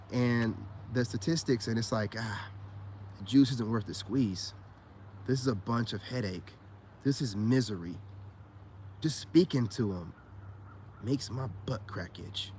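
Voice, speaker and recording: A man's voice: medium pitch, a little mellow, a little hiss or hum. A middle-aged man ranting in a profane, boastful monologue full of street slang. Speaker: online commentator.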